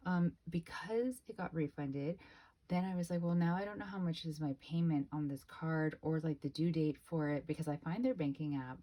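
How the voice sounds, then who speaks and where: A woman's voice: low-pitched, moderate pace, mellow. A woman vlogger telling a chatty, exasperated story while budgeting, often quoting herself and others. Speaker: personal finance vlogger. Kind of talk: casual budgeting chat.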